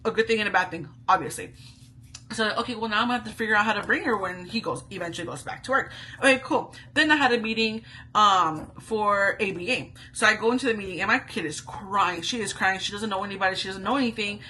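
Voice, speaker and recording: A woman's voice: medium pitch, quick pace, pushed and bright, rough recording. A young woman, a stay-at-home mom, telling a candid story to camera in a chatty, casual way full of asides and slang.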